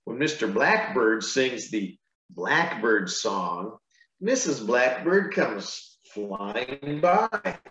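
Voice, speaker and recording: A pastor reads a picture book aloud to children in a slow, unhurried way, pausing for gentle, chatty asides. His voice sits at an ordinary middle pitch for a man. The sound is echoey and a little dull, like a lo-fi recording in a roomy space. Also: very animated.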